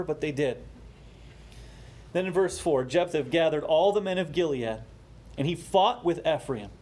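A pastor with a slightly high voice preaches a sermon, explaining a scripture passage with rising emphasis, broken by quieter, slower asides.

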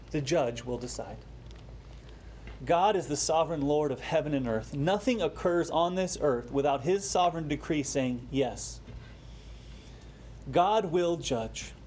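A man preaching a sermon, explaining a scripture passage with rising emphasis and quieter, slower asides. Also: on the high side, expressive, slight background noise. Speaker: pastor.

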